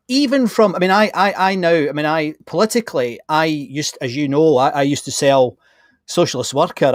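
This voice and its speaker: A man's voice: fairly high pitch, no room sound, studio quality. A man hosting a podcast, talking bluntly and with energy in casual conversation, often restarting his sentences. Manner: animated, blunt, many restarts. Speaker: podcast host.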